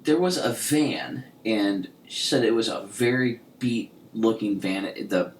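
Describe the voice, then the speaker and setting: His voice is on the low side and his pace measured as he co-hosts a podcast, wandering through stories in casual talk full of restarts and laughs. Faint hiss and room echo color the recording.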